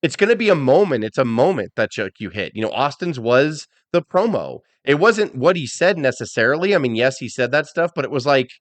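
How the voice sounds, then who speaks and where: Middle-aged male podcast co-host, lively storyteller who acts out quotes, dry mic. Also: mid-range voice, fairly quick, few pauses, no echo. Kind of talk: casual wrestling chat.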